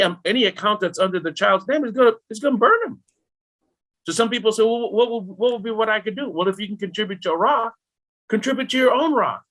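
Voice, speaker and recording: A middle-aged man explaining retirement planning as a podcast guest, lively and full of rhetorical questions aimed at the listener. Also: high voice. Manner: animated, rhetorical questions, talks directly to the listener.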